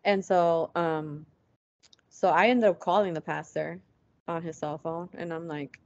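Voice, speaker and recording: A woman's voice: on the low side, steady tone, slow pace, long pauses, dry recording. A woman guest on an interview show, telling a personal story casually, acting out past conversations and using lots of "like" fillers. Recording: dull lo-fi, dry sound.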